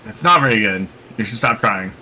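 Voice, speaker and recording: A man's voice: lowish voice, lively intonation, a little fast, bright, forceful tone, a little hiss or hum, poor audio. A man mocking a streamer in crude, sarcastic commentary. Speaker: restream commentator.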